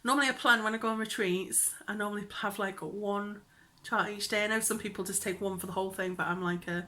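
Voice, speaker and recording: A woman's voice: medium pitch, fast talker. A young woman chatting casually in a craft vlog, giggly and rambling, sometimes dropping into a whisper. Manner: chatty, giggly, drops into whispers when excited. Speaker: cross-stitch vlogger.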